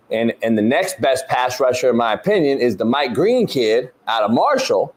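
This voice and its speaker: A man hosting a sports talk show, ranting loudly and swearing freely as he tells stories. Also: medium pitch, very animated, normal speed, hardly any pauses. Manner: loud, swearing, ranting storyteller. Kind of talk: profane sports talk rant.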